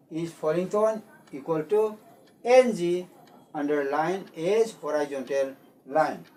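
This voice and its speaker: A man's voice: high-pitched, unhurried, mellow. A man, a Meitei speaker, giving a methodical language lesson and repeating each point. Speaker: language teacher and channel host. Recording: voice distant from the mic.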